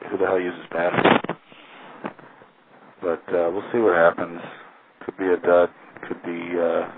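Deep flat-voiced man on a tinny line. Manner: rambling and sardonic, swearing casually. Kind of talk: rambling street monologue. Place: city street outdoors. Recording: tinny phone line with faint noise.

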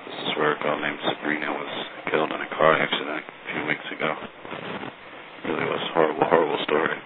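A man's voice: very deep voice, monotone, fast talker, creaky. A man calling from a street payphone, rambling wryly with profane asides about the city around him. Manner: wry, profane, meandering asides. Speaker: caller leaving phone messages. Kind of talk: rambling spoken diary from payphones. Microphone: payphone handset. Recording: tinny phone line with street noise.

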